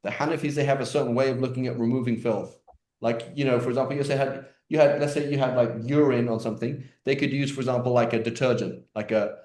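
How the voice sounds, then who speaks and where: A man leads a relaxed online class, answering questions in a chatty, joking manner and often restarting his sentences. His voice sits at an ordinary pitch. It carries a roomy echo around it. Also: fast. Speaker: teacher.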